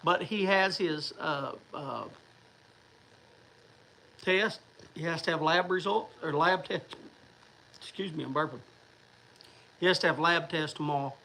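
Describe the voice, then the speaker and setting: A man's voice: a little high, unhurried, vocal fry, long pauses, pushed and bright, slight background noise, low-quality recording. A man hosting a livestream, talking to viewers in a rambling, chatty way. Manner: rambling, chatty, restarts and fillers. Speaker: livestream host. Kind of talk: casual livestream chat.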